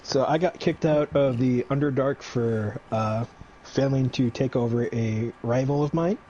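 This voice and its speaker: A man's voice: medium pitch, unhurried, dark tone, highs cut off, a little hiss or hum. A man at a tabletop game describing his character casually, with hesitant fillers. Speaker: player.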